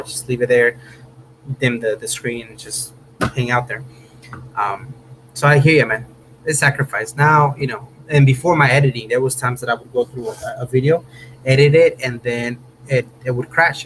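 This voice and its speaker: A man's voice: medium pitch, fairly bright tone, a little hiss or hum, poor audio. Laid-back chatty man streaming live. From Southern California. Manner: laid-back, chatty, says "man" and "bro" a lot, bursts of laughter. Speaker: host of a car channel livestream. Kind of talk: casual live-stream chat reading viewer comments. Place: home room.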